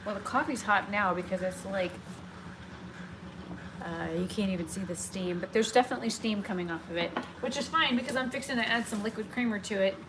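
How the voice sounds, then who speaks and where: A woman's voice: mid-range voice, a little fast. A young woman chatting casually during a live stream from her kitchen, rambling and going off on tangents. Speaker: vlogger. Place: home kitchen. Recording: home recording with clear background noise.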